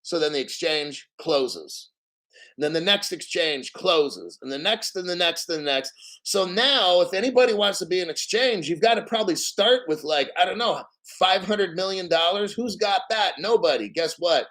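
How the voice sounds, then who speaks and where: A man's voice: high-pitched, expressive, normal speed, a bit bright. A middle-aged man hosting a casual livestream, ranting bluntly and profanely and checking in with "okay?". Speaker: crypto livestream host.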